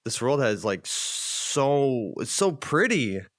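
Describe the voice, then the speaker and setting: A man's voice: medium pitch, very animated, takes it slowly, fairly bright tone, no echo. A man with a mid-range voice hosts a casual podcast, reacting eagerly and drifting into chatty asides. The sound is dry and close-miked. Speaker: podcast host.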